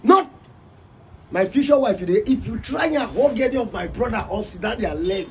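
A Nigerian man with a high, lively voice lectures in a preachy, repetitive comic rant and keeps laughing through it. His pitch jumps all over, and loud ambient noise runs under the recording. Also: brisk, rough recording. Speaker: comedy skit host.

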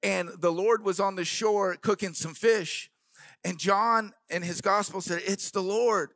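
A man preaching from the pulpit with a high, bright, ringing voice. He tells the story vividly and acts out each character's lines. The sound is dry and close, with no room echo. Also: unhurried. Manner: animated preaching, quoting scripture in character voices. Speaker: pastor. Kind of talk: sermon. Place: church.

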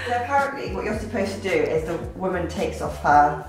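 A woman's voice: lowish voice, animated, a little fast. A young woman giving a playful mock-posh tour of a large house, teasing and giggling as she talks. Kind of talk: casual playful tour chat. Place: rooms of a large house, indoors. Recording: echoey rooms with music behind.

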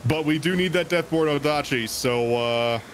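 A young man chatting casually while playing a co-op game, playful and quick to laugh. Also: on the high side, slight background noise. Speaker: streamer. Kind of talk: casual co-op gameplay chat.

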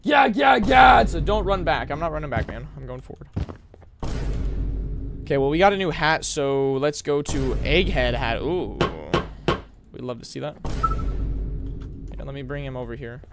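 A young man from America streaming a horror game live, shouting bursts of hype and muttering asides to chat. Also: mid-range voice, moderate pace, pauses often, music in the background.

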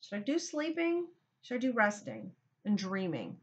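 A woman's voice: medium pitch, wildly swooping pitch, moderate pace, husky, highs cut off. A woman teacher giving a recorded grammar lesson, thinking aloud and talking straight to her students.

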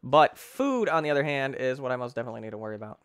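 An excitable young man narrating his own gameplay, bouncing wildly between mutters and squeals. His delivery is dry and close, with no room around it, at an everyday middle pitch. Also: racing, clean tone, dry recording. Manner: excitable, exclaims and talks to himself; mild cursing substitutes like frick and stinking. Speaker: gaming YouTuber. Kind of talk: let's play commentary.

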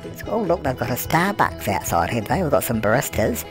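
A man with a very animated mid-range voice talks fairly quickly as a chatty elderly grandmother, cheeky and fond of gossip. Narrating a life-sim game with music in the background, he throws in comic asides, calls everyone "love," and responds to his own questions.

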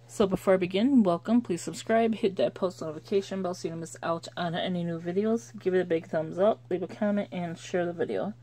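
Casual woman vlogger, low-pitched, mellow, chatty and meandering. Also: fairly even intonation, fairly quick, hardly any pauses, a little hiss or hum. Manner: chatty, rambling, with restarts. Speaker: scripture-writing vlogger. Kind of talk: casual devotional vlog. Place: lives in Chicago.

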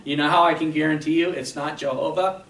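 A man's voice: on the high side, steady tone, fast, gravelly, a bit bright, reverberant, recorded from a distance, poor audio. A man preaching a sermon as a pastor, explaining patiently and often checking in with "okay?". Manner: explanatory teaching, frequent "okay?" check-ins. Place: church sanctuary.

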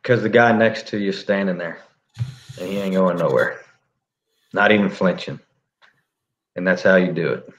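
A man, a police officer, recounting a standoff in a plainspoken, halting, reflective way. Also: low voice, a bit bright. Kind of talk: interview storytelling. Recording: dull lo-fi audio.

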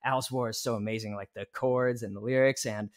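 A man, a musician guest on a podcast, telling stories in casual chat and acting out what people said in lively bursts. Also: medium pitch, a little fast.

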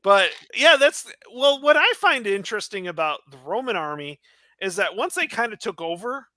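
An American man in casual group chat, animated and agreeable. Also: high voice, normal speed, dry recording. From United States.

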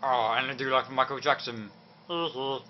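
A man's voice: medium pitch, fairly even intonation, moderate pace, natural voice. A man putting on a swearing drunk guy. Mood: drunken rambling. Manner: slurred, rambling, swearing. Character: rowdy drunk young man. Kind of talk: game voice-over role-play. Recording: muffled lo-fi with faint noise.

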